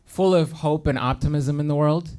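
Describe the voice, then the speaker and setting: A man in his thirties from India doing a stand-up set on stage in a comedy theater, speaking in a dry, deadpan way and pausing for punchlines. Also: a little high, clean tone. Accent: neutral American-sounding. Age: 30s. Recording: live room with audience noise. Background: audience laughter.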